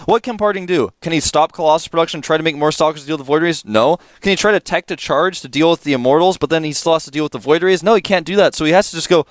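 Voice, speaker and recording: A man casting a live video game match from a studio, excitable and rambling, breaking into jokes. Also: on the high side, fast talker, few pauses, dry recording. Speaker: esports caster. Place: broadcast studio.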